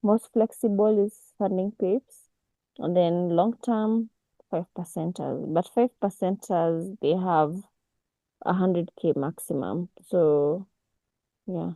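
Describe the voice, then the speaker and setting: A woman, teaching a casual online forex class over a video call, unhurried and full of restarts. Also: medium pitch, dark tone, dry recording, low-quality recording. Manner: unhurried, with many restarts and fillers. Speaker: forex mentor.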